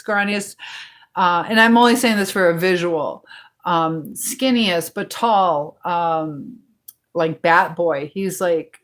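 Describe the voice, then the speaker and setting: A woman hosting a casual livestream from home, chatting in a rambling way and reading viewer comments out loud. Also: on the low side. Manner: chatty and rambling, full of fillers. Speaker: livestream host.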